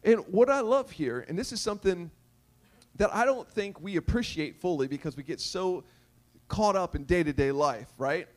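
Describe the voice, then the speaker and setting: Male pastor, sermon, high voice, emphatic, repetitive, asks the crowd questions, jokes. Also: expressive, moderate pace.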